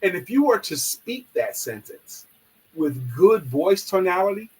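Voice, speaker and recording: Husky-voiced man coaching on sales. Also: very animated, darkish tone, rough recording. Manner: instructive, emphatic, drops into slow low demonstrations. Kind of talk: coaching on a live online show.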